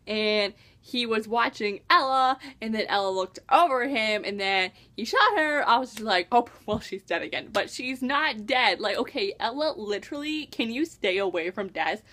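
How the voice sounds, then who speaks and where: A young woman excitedly reviewing a book in a casual vlog, gushing and acting out her own reactions. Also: a little high, measured pace. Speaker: book vlogger.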